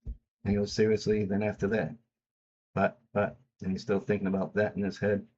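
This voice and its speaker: A man's voice: lowish voice, completely flat delivery, fast talker, a little mellow, husky, highs cut off. A man casually retelling comic chapters in a loose, rambling way, stringing events together. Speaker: comic recap host.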